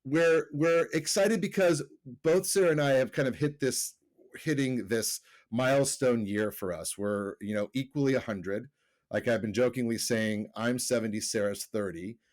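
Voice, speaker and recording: A middle-aged man co-hosts a podcast over a remote call, his mid-range voice moving at a normal speed with a slightly mellow quality. He chats casually, rambling, correcting himself as he goes, and laughing easily.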